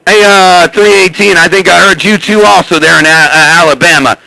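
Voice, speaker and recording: A man chattering on CB radio as the channel's host, boastful and loud, hailing others over and over. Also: sits high, a little fast, creaky, no room sound, poor audio.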